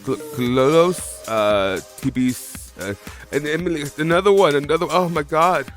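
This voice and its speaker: A man's voice: a little high, measured pace, a bit bright, faint music behind. A man streaming live, emotional and teary from crying, rambling as he reads out follower names. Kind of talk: live watch-along reaction stream.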